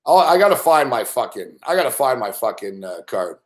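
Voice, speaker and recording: A man's voice: medium pitch, sing-song, fairly quick. A man hosting a late-night sports betting show, ranting casually and swearing constantly as he rambles. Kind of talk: late-night live stream rant.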